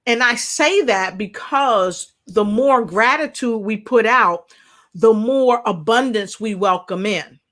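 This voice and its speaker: Lively woman hosting a live talk show. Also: a little high, takes it slowly. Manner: lively, playful, addresses viewers directly. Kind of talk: live online interview show.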